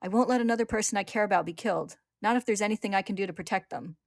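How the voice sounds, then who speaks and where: A woman's voice: medium pitch, very fast, no echo, studio quality, pitched above the performer's own voice, lightly acted. A woman voicing an earnest, protective young man in armor, speaking urgently with a raised voice.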